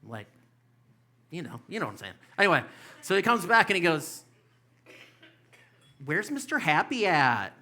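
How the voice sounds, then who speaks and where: A man's voice: sits high, big pitch swings, a little fast, long pauses, sharp tone. A man in his fifties doing a stand-up comedy set on a club stage, rambling loosely with lots of fillers and swearing. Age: 50s.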